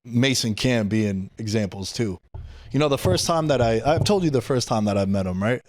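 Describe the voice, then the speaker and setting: A podcast host with a New York accent tells a story in relaxed, street-slang chat. His voice sits in a middle register. The studio sound is dry and close. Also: mid-range voice, moderate pace, no room sound. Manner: animated, swears casually, slangy.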